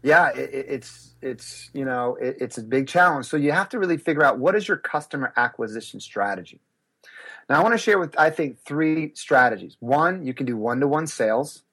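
A man, a speaker and business coach, telling animated stories in an interview and acting out the voices of others. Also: mid-range voice, normal speed, husky. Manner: acts out voices and gasps, lively and expressive. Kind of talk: animated storytelling in a podcast interview.

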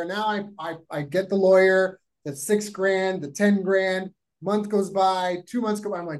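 A man from Canada, a guest telling a long anecdote in a lively, rapid, casual way. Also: high-pitched, poor audio. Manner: animated, rapid, acts out voices in anecdotes. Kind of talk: casual storytelling.

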